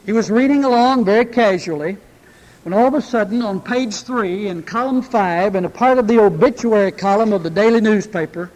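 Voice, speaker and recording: A man preaching a sermon, reading scripture and then telling an illustration story with dramatic pauses. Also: high-pitched, a little mellow. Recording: long hall reverb.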